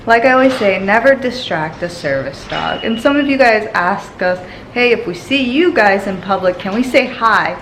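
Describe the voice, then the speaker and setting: A woman's voice: medium pitch, lively intonation, moderate pace, few pauses, background noise. A woman vlogging casually, chatting to the camera and giving her dog short commands and cheerful praise. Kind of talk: casual vlog chat. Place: store, then at home in bed.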